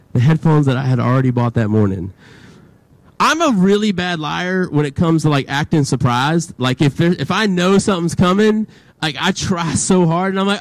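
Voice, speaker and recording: Young male youth pastor, casual and animated, dry close sound. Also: high voice, dry recording. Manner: casual, chatty, many "like" fillers, acts out quotes. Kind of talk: storytelling sermon to teenagers.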